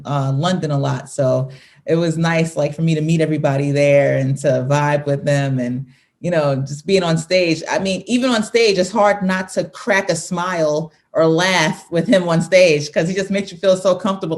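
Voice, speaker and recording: A woman's voice: low voice, fairly even intonation, moderate pace, darkish tone. A woman in her thirties, a singer talking as an interview guest, reminiscing casually, laughing often and restarting her sentences.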